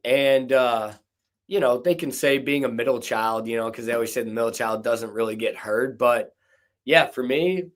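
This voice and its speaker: A man's voice: medium pitch, moderate pace. A young man guest talking casually, rambling with lots of fillers and a slight stutter. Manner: stutters at times. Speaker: podcast guest. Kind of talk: casual conversation.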